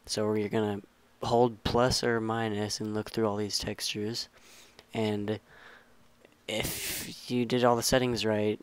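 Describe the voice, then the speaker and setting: A young man talks through a game modding tutorial in a low, smooth, clear voice. His delivery stays flat and even as he rambles and corrects himself along the way. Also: takes it slowly. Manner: rambling, self-correcting, relaxed instructions. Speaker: tutorial maker. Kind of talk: casual screen-recorded game tutorial.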